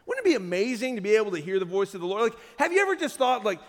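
A man preaching a sermon as pastor, telling a story with lively quoted voices. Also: sits high, racing, big-room sound.

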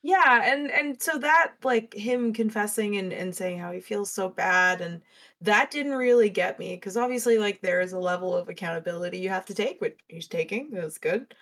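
A woman's voice: mid-range voice, normal speed, a bit bright. A young woman co-hosting a casual book podcast, earnest and emotional, with some casual swearing. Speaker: podcast co-host.

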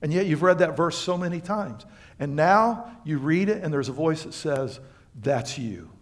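Emphatic preaching man, fairly high voice. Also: moderate pace. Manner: emphatic preaching, rising loud for emphasis then dropping low. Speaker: pastor. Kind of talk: sermon. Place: church sanctuary.

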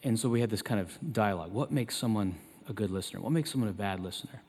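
A man in his thirties preaching a sermon as pastor, turning loud and emphatic when he quotes scripture. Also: fast talker, a little hiss or hum. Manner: emphatic, loud and high when quoting God. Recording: long reverb of a large hall.

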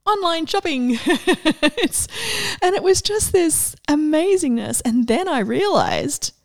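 Middle-aged woman coach, bright higher voice, excitable and animated, close dry sound. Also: slow, creaky, no room sound. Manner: enthusiastic, animated, laughs often while talking. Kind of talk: casual inspirational talk to an audience.

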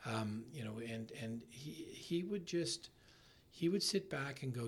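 A middle-aged man in a casual interview, talking in halting bursts with many restarts and trailing off softly. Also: fairly high pitch, expressive, slight background noise. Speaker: ski resort marketing executive, guest.

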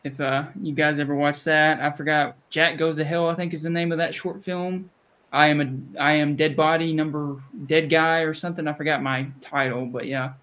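A man's voice: a little high, little pitch movement, normal speed, fairly bright tone. Chatty Southern man hosting a podcast. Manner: rambling, chatty, restarts sentences. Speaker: podcast host. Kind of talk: casual chat.

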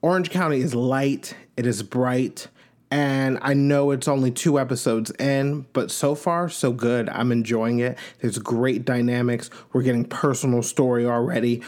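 A man's voice: mid-range voice, darkish tone. A man from Long Island, New York, hosting a podcast and giving a chatty, gossipy recap of a reality show with playful asides. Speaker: podcast host.

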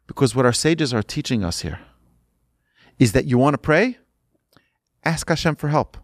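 A man's voice: mid-range voice, lively intonation, normal speed, long pauses, no room sound, clean studio sound. A man giving an urgent sermon as a religious teacher, emphatic and repeating his points.

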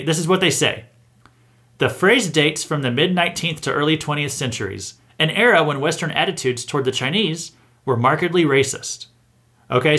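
Male commentary host, higher-pitched, sarcastic and incredulous, reads items aloud and mocks them. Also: bright, forceful tone. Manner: sarcastic, incredulous, chuckling asides. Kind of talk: opinion commentary reading out a list.

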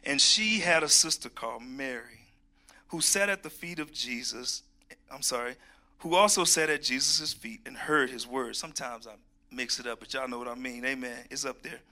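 A middle-aged man preaches a sermon in a folksy, animated way, reading scripture and joking with his congregation. His voice is mid-range and he speaks at a normal speed.

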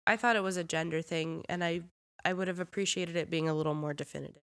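Female co-host, lower-pitched, frank and blunt movie opinions. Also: fairly even intonation, quick pace, fairly bright tone. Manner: frank, blunt critical remarks. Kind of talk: casual movie review chat.

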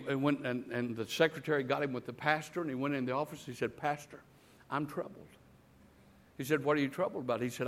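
A man preaching a sermon, telling stories and calling out to the congregation for amens. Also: mid-range voice. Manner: animated storytelling preacher, calls out to the congregation. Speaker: guest preacher.

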